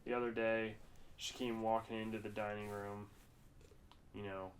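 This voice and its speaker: A man co-hosting a podcast chats casually in a lowish voice with little pitch movement, at a moderate pace, over a faint hiss or hum. His storytelling rambles, loaded with fillers and swearing.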